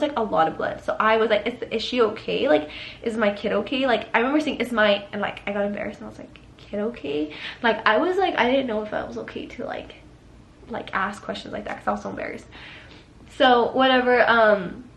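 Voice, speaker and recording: A woman's voice: fairly high pitch, quick pace, gravelly. Chatty young woman telling a story. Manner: rambling, lots of "like", acts out quoted lines. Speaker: vlogger. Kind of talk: casual storytime.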